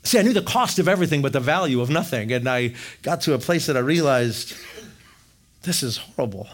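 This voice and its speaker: A middle-aged man from Wisconsin telling his faith story in an animated, jokey storytelling manner. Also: mid-range voice, a little fast. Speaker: speaker sharing testimony. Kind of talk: storytelling testimony talk.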